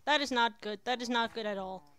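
A woman with a crisp, bright voice, set a bit high, gives casual commentary while she plays a game. She chats to herself with sudden exclamations. The sound is dry and close. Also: a little fast. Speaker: let's player.

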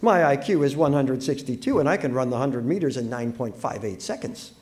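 A man's voice: mid-range voice, animated, brisk, darkish tone, natural voice. A man voicing a precocious, boastful girl who speaks in a showy, self-assured way. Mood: haughty.

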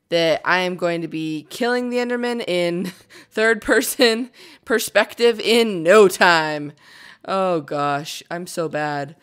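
A young woman casually commenting on her own gameplay, chatty and excitable, chattering to herself and to the game animals. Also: fairly low pitch. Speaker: gaming video host.

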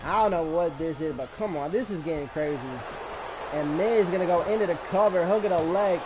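High-pitched emotional male wrestling commentator. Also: fairly quick, noisy background. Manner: emotional, groaning and shouting at the action. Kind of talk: excited fan commentary on a video game match.

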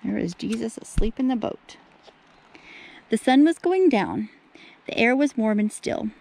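Warm-voiced woman reading a story to kids. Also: a little high, unhurried, gravelly. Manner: animated, talks to the kids between passages. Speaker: teacher. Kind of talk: reading a storybook aloud to children.

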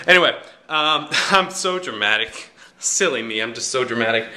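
A man's voice: medium pitch, a little fast, sharp tone, a little hiss or hum. A young man chatting on his home vlog, rambling and joking at himself, with lots of fillers. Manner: rambling, jokey and self-mocking, with many fillers. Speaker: vlogger. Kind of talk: casual vlog chat.

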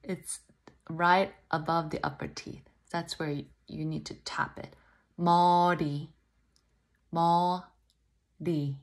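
A woman giving a language lesson, patiently repeating each syllable slowly and clearly for learners. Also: sits low, fairly even intonation, fairly bright tone. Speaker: language teacher. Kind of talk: slow pronunciation lesson.

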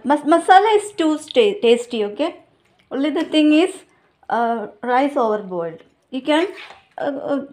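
A woman's voice: sits high, background noise. A woman making a casual cooking vlog at home, chatty and laughing at her own mistakes. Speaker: cooking vlogger. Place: home kitchen. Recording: home kitchen with clattering dishes.

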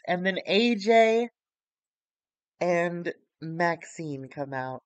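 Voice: medium pitch, takes it slowly, no echo. A streamer playing a wrestling booking sim, rambling casually and swearing while retelling storylines. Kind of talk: casual live-stream commentary.

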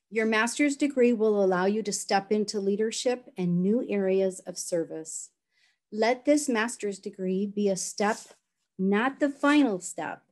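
A woman giving a formal, measured commencement address and reading out the names of graduates. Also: mid-range voice, darkish tone. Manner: measured, congratulatory. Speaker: education program speaker.

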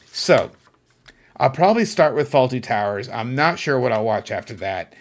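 A man hosting his own podcast, telling a personal story in an earnest, reflective way that turns animated when he gets excited. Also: medium pitch, moderate pace. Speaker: podcast host. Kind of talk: casual storytelling monologue.

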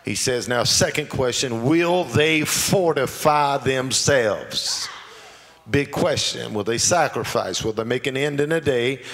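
A pastor preaching a sermon, moving between quiet asides and shouted lines, laughing along the way. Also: male voice, mid-range voice, normal speed, vocal fry, hardly any pauses. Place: church sanctuary. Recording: long church hall reverb, faint ambience.

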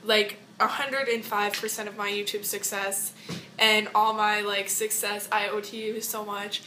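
Gushing teen girl with a bright voice. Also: medium pitch, flat delivery, a little slow, a little hiss or hum. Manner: gushing, rambling, lots of fillers. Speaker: vlogger. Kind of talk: casual birthday message vlog. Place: home bathroom, indoors.

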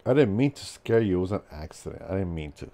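A man's voice: deep voice, lively intonation, fast, dark tone. A man with a stuffy nose from a cold, joking and chatting with viewers while he streams a game. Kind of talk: casual live-stream gaming commentary.

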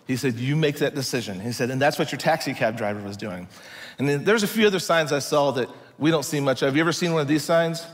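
A pastor from the United States delivers a storytelling sermon, slipping into the voices of the people in his tale. His voice sits a bit high for a man. The church hall's long reverb hangs on every line. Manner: animated storyteller acting out dialogue. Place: church hall.

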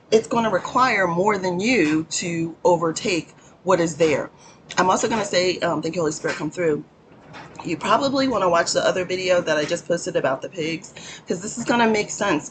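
A woman hosting her own channel, giving a rambling spiritual teaching in a hoarse morning voice from a cold room, often stopping to thank the Holy Spirit. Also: on the low side, noisy background. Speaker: channel host.

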